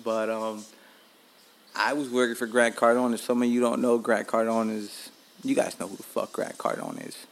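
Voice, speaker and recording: Speaking at a normal pace in a creaky, medium-pitched voice, this podcast host records from home. His storytelling is loose, lively, and full of profanity, and he often laughs at his own expense.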